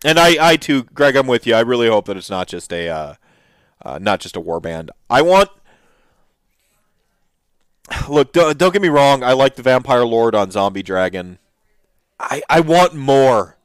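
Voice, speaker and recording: A man's voice: medium pitch, big pitch swings, normal speed, pauses often, smooth, dry recording. A man hosting a casual commentary show, talking enthusiastically and rambling through restarts and fillers. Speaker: host reacting to miniature reveals.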